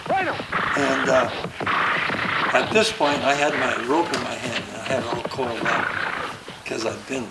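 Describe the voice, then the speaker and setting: A man's voice: medium pitch, measured pace, gravelly, long pauses. An older man, an interview guest, telling anecdotes in casual chat and acting out the dialogue he quotes. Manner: lively storyteller who acts out quoted dialogue. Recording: roomy echo with faint background noise.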